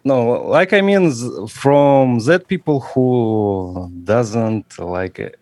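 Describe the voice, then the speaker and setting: A Russian man talks as a podcast guest in careful, halting English, stopping to hunt for the right word. His Russian accent colors every phrase. The recording is close and dry, with almost no room sound. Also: mid-range voice, darkish tone, dry recording. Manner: halting, searching for English words. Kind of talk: casual interview chat. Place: home at night, remote call.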